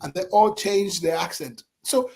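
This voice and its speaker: A middle-aged man, a singer and entertainer, telling stories as a radio guest in a lively, animated way with chuckles. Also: high-pitched, unhurried. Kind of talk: casual interview storytelling. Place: radio studio.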